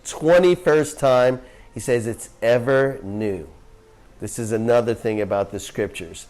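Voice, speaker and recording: A man of middle pitch leads a spiritual teaching session on yoga. He speaks with earnest emphasis, throws questions to the group, and laughs easily between points. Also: unhurried, a little mellow.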